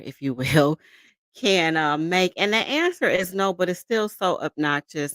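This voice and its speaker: A woman's voice: low-pitched, a bit bright, dry recording, studio quality. A woman hosting casual commentary, talking in slang and laughing often as she reacts to a video. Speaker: commentary channel host.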